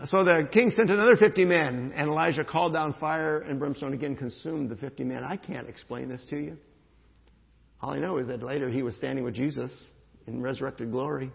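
Gravelly preacher in an echoing hall. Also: male voice, medium pitch, a little fast. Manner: animated storytelling, swings from loud calls to quiet asides. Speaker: pastor. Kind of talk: sermon. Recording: dull lo-fi sound in a reverberant hall.

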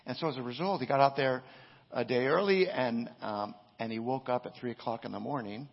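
A man's voice: mid-range voice, fairly quick, creaky. A male pastor preaching a sermon, telling a story in a loose, conversational way with many "right?" asides. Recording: echoey hall, dull lo-fi sound.

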